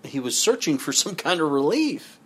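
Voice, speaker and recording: A man's voice: on the high side, sing-song, moderate pace, slightly rough. Man preaching from scripture. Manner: reads passages aloud, then comments in conversational asides. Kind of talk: sermon with scripture reading.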